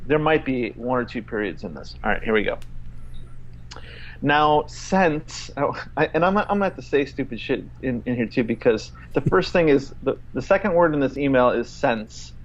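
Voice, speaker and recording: A man's voice: mid-range voice, animated. A man co-hosts a casual podcast, reading aloud with weary exasperation and plenty of swearing. He halts and restarts, with lots of fillers. The recording is dull and lo-fi. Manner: exasperated, profane, halting with fillers. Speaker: podcast co-host.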